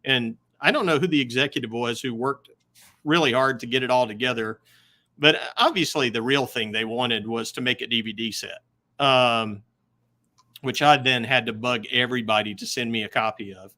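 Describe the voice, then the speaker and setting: A man's voice: medium pitch, normal speed, pushed and bright. A man guesting on a podcast, chatting casually and hesitantly with lots of fillers. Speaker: podcast guest, comic writer. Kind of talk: casual chat.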